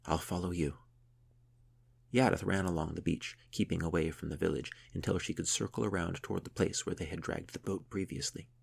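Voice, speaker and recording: A man narrating a historical tale in a measured, steady way. His voice sits very low and carries a gravelly fry. There is a husky grain to every line. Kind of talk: audiobook narration.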